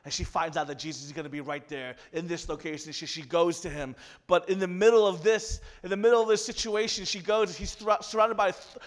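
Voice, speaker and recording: A male pastor preaching a sermon in an animated storytelling way, acting out the characters. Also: sits high, big-room sound.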